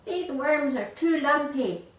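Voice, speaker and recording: A woman's voice: sits high, expressive, slow, voice pushed up. A woman voicing a grumpy, whining little male kookaburra chick in a storybook reading. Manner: whining, complaining. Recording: echoey room, voice a bit far off.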